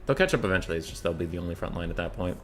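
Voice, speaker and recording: Casual young male caster, lowish voice, rambling and chatty, drops swears. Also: lively intonation, racing, fairly bright tone, soft background music. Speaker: game caster. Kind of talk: casual esports commentary.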